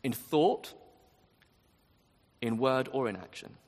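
A man's voice: mid-range voice, expressive, slow pace, a little mellow. A man preaching a sermon, earnest and emphatic, often asking his listeners rhetorical questions. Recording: long reverb of a large hall.

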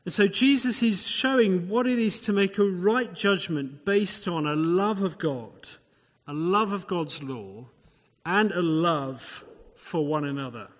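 A man's voice: sits high, unhurried. A man preaching a sermon, explaining scripture with conversational asides and rhetorical questions. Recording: long hall reverb.

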